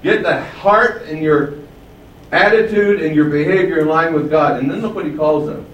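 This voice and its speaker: A man's voice: a little high, normal speed. A man preaching a sermon with some lift in his voice, pushing up on the words he wants to land. He sounds distant from the mic, in a roomy, echoing space with a faint hum of ambience behind. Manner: emphatic, rising for key phrases.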